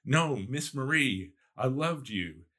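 A man voicing a haunted young man, half in terror and half in love, calling out with eager intensity. the voice is bright and forceful, and it is read slowly and deliberately. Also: mid-range voice, lively intonation, voice pushed up, full character voice.

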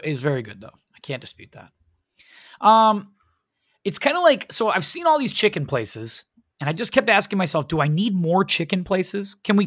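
A man's voice: high-pitched, fairly bright tone. A man hosting a casual podcast, teasing his guest with playful exasperation. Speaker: podcast host. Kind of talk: casual chat.

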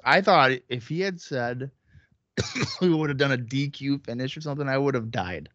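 A blunt, teasing man co-hosts a laid-back wrestling podcast and swears freely. His voice sits at a middling pitch and comes through dull and muffled. The sound is dry and close, with no room echo. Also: animated, moderate pace, fairly bright tone. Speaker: podcast co-host. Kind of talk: casual wrestling podcast chat.

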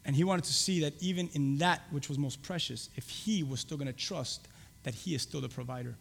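A man preaching a sermon as pastor, swinging from loud, shouted lines to hushed whispers. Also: a little high, a little fast, gravelly. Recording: long hall reverb.

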